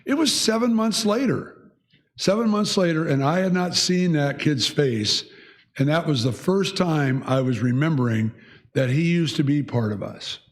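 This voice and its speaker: A man's voice: on the high side, animated, moderate pace. A man teaching a church Bible class, talking conversationally and asking the group questions. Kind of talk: leading a church class discussion.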